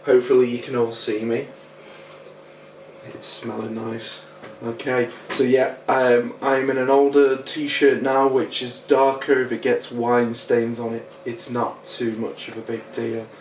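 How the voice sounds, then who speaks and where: A man's voice: medium pitch, unhurried. A man with a stuffy, nasal voice from a cold talks loosely through a home how-to. He rambles with ums and restarts, filming with a handheld camera. Faint noise sits behind him. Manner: chatty, relaxed, many ums and restarts. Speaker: home winemaking vlogger. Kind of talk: casual how-to video. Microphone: handheld camera, no tripod.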